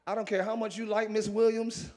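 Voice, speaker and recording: A man pastor preaching a lively sermon, swinging between loud shouted lines and quiet joking asides with the congregation, breaking into ecstatic exclamations. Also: high-pitched, fairly quick. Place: large church sanctuary with congregation.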